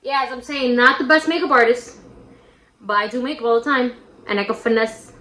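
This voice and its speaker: Her pitch sits on the high side, and her steady, fairly quick delivery has a bright, forceful edge, with a little hiss or hum in the background. A young makeup vlogger, she shares a casual, slang-filled childhood story mid-tutorial and shrieks when quoting friends, in a room with noticeable echo.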